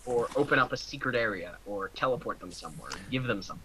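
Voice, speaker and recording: Bright-toned man from Ohio, rambling. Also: medium pitch, lively intonation, fast talker, slight background noise, low-quality recording. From Ohio, USA. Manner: rambling, enthusiastic, repeats words. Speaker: podcast participant. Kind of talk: casual group call chat.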